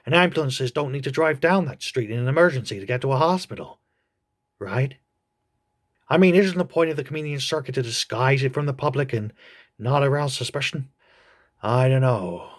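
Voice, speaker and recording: A man hosting a comedic TV review, mocking the episode with crude, deadpan jokes. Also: medium pitch.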